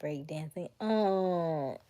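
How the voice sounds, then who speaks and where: A young woman hosts a casual livestream, chatting and reading out viewer comments. Her voice sits low and sounds mellow, with drawn-out words, and she sometimes slips into a whisper.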